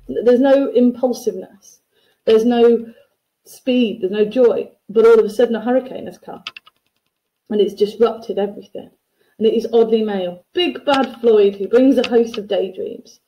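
Woman, teacher, recorded poetry lesson, conversational explaining, mellow tone. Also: medium pitch, lo-fi sound. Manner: explanatory, conversational, reads quotations aloud then unpacks them.

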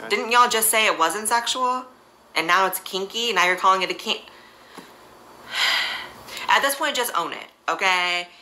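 A woman's voice: mid-range voice, measured pace, long pauses, pushed and bright, faint music behind, rough recording. A woman giving sarcastic, mocking commentary in a video. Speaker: commentary youtuber.

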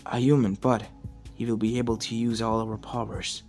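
A man's voice: on the low side, little pitch movement, moderate pace, a little mellow, soft background music, lightly acted. A man voicing a solemn puppet spirit.

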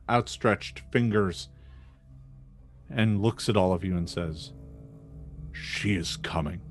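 A man narrating as game master of a tabletop game, describing the scene vividly. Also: medium pitch.

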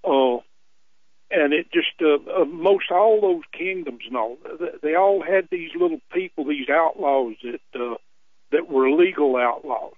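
Male radio caller, slightly higher voice, tinny phone-line sound, hesitant delivery full of fillers. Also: no echo. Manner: halting, many filler ums. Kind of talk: phone-in call.

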